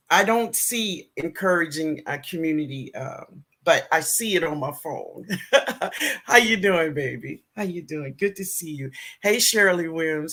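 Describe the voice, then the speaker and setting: A woman with a New Orleans accent hosting a casual livestream, greeting viewers warmly and chatting with frequent laughs. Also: lowish voice. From southern United States. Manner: warm, chatty, calls viewers baby, laughs often. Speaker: gardening livestream host. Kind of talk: casual live-stream chat greeting viewers.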